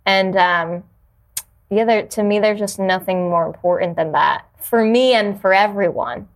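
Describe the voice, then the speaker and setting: A woman's voice: mid-range voice, a little slow. A woman guest on a podcast, talking earnestly and reflectively about purpose, with frequent restarts. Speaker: podcast guest, yoga teacher. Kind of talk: casual interview conversation.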